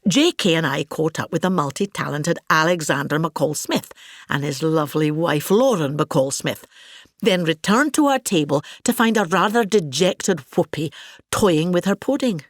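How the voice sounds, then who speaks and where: A woman's voice: low-pitched, expressive, moderate pace, no echo, clean studio sound. A woman with a Scottish accent playing a vain, grandiose older actress in a scripted comic monologue, pompous and gossipy. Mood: grand.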